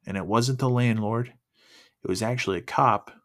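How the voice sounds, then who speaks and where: A man sharing his personal faith testimony in an earnest, emotional, halting way. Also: medium pitch, a bit bright.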